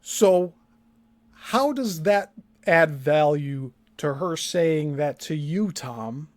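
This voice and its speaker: A man hosts a podcast and comments on the story in a blunt, casual way. He is emphatic and swears freely. His voice sits slightly high. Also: lively intonation, very slow. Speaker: host.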